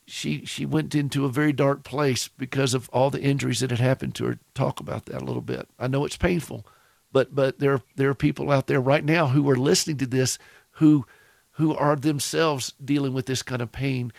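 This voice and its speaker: A Southern-accented man hosts a radio show with a gravelly edge to his mid-range voice. The studio sound is dry and close, and he talks in long, reflective, encouraging stretches. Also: mid-range voice, steady tone, moderate pace, no echo. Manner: reflective, encouraging, speaks at length. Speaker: radio host.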